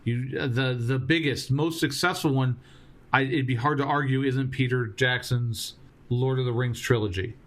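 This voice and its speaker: A man co-hosting a movie podcast, talking in a thoughtful, animated way and laughing along. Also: mid-range voice, normal speed. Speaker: podcast co-host. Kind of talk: casual chat about movies.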